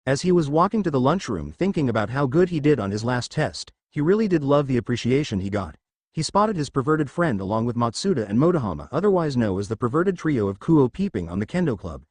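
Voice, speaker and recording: A man reading out a fan-fiction story as scripted narration, with a lively, animated delivery. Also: medium pitch, a little fast, no room sound.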